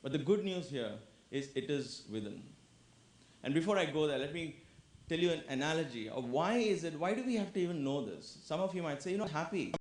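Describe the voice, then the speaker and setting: A man's voice: a little high, brisk, a little hiss or hum. A man giving a spiritual lecture, telling anecdotes and acting out their voices. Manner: animated storyteller, acts out voices. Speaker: yoga lecturer. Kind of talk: public lecture with acted anecdotes. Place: lecture hall. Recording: echoey lecture hall.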